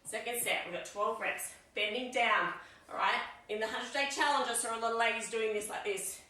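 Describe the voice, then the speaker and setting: A woman's voice: on the high side, a little fast, pushed and bright. A woman leading a live weights workout, cueing each rep and every breath in an upbeat, encouraging way. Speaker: fitness instructor. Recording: echoey room, mic at a distance.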